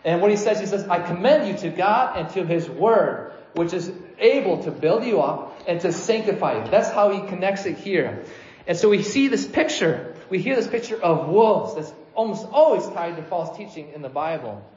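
A male preacher delivers his sermon in a loose, conversational way, breaking into lively voices whenever he quotes someone. His voice sits a little higher than most men's. He is heard in an echoey church hall on a slightly muffled recording. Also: normal speed. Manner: conversational, animated when quoting, frequent restarts. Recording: echoey room, slightly dull sound.

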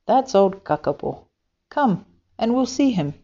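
Gentle mother kiwi bird, read by a woman. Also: mid-range voice, very animated, unhurried, dull audio, pitched above the performer's own voice. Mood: calm. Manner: gentle, soothing, explaining.

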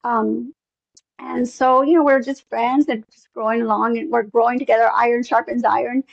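Woman rambling through an old story, raised pitch, gravelly, dull lo-fi sound. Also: flat delivery, moderate pace, dry recording. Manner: rambling, many fillers, acts out dialogue. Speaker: interview guest. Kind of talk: personal storytelling.

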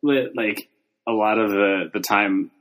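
A man co-hosting a podcast, talking in a deadpan, rambling way with many fillers. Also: fairly low pitch, unhurried. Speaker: podcast co-host. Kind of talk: casual comedic chat.

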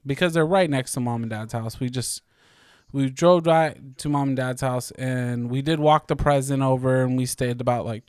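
This is a man in his thirties co-hosting a podcast. His voice is smooth and resonant, at an ordinary middle pitch. He talks in a loose, rambling way, with plenty of likes and casual swearing, and the recording is dry and close. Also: no room sound. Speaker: podcast co-host. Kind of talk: casual chat.

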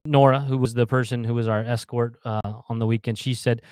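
Man in his thirties, casual storyteller who stumbles and restarts, mid-pitched, dry recording. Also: fairly quick, hardly any pauses, smooth, no room sound. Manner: animated storyteller, repeats words, acts out the yelling fans. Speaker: fan telling a story. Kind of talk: casual chat on a video call.

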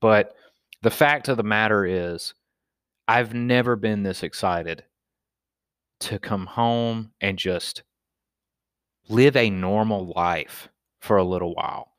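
A man's voice: fairly low pitch, slow pace, long pauses, clear, resonant tone, dry recording, studio quality. A man from Alabama with a Southern accent, telling stories in a casual, profane monologue as a podcast host and stand-up comic. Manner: profane, animated storyteller.

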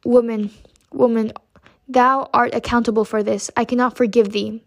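A woman's voice: fairly high pitch, fairly even intonation, moderate pace, creaky, dry recording. A woman voicing an anguished, guilt-ridden male minister, speaking in solemn archaic phrases. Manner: solemn archaic speech, quiet and heavy.

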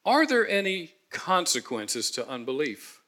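A man delivers a sermon in a high, bright voice. He preaches dramatically, acting out the story with emphatic pauses. His tone stays vivid and energetic. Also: a little hiss or hum. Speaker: pastor.

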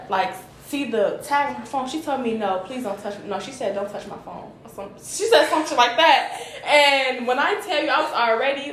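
Laid-back young woman, slightly high voice. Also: fairly bright tone. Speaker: podcast co-host. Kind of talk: casual chat. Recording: roomy echo with faint hiss.

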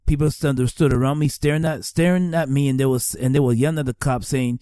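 A middle-aged man gives earnest personal testimony, circling back over his words for emphasis. His voice is warm and mellow. It sits dry and close, with no room around it. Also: mid-range voice, fairly even intonation, fairly quick, hardly any pauses, dry recording. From New York, Staten Island. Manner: earnest, repeats phrases for emphasis. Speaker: speaker giving testimony.

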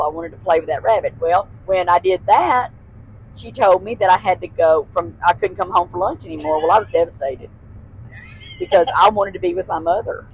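A woman in her 60s, appearing as a guest, tells childhood stories in casual chat, laughing often and using folksy phrasing. Her voice is lowish, and the rough recording carries a little hiss or hum.

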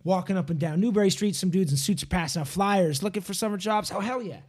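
Fast-talking husky man. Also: sits high. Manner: profane, animated storyteller. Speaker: podcast co-host. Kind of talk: casual chat, storytelling.

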